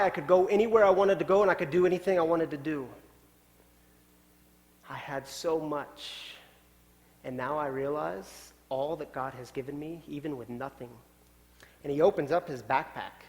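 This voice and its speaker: A male pastor telling a story in a sermon, swinging from loud, urgent lines down to quiet, hushed ones. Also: medium pitch. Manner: dramatic shifts from loud to hushed. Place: church sanctuary. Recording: long church hall reverb.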